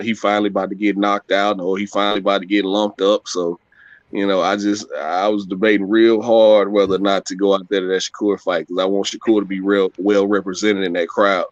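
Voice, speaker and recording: Low-voiced laid-back male co-host. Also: no room sound, lo-fi sound. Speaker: podcast co-host. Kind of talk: casual live-stream chat.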